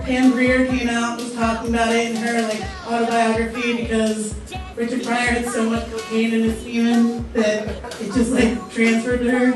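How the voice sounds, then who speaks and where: A woman doing rambling stand-up at an open mic, giggling as she goes. Her voice sits a little high. She is heard from across a very echoey room. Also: recorded from a distance. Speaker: stand-up comic.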